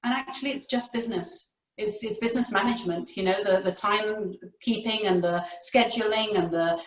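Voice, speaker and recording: A woman's voice: medium pitch, moderate pace. Wry British RP woman on a roomy call. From Britain. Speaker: audiobook narrator guest. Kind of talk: casual panel chat. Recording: roomy, distant mic.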